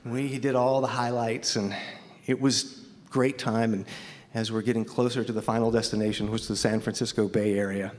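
On stage, a Memphis man recounts a personal story in a lowish, darkish voice, flat in delivery and at a moderate pace. Wry, self-deprecating and conversational, he sounds nervous and shaky, and the recording carries long hall reverb.

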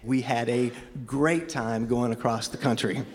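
A man from Memphis, USA, tells a personal story on stage in a mid-range, steady voice, a little slow. He's wry, conversational and self-deprecating, yet nervous and shaking, with a long hall reverb on the recording.

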